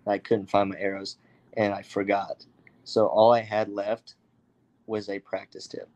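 A young man from the United States telling a story casually, animated, with many fillers and acted-out quotes. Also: on the low side, measured pace. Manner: animated, acts out others' voices, many fillers. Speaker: guest storyteller.

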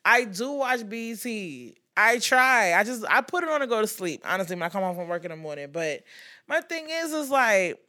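Blunt, bright-voiced woman podcast host. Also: medium pitch. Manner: blunt and profane, fast asides; animated, acts out quotes. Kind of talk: casual pop-culture chat.

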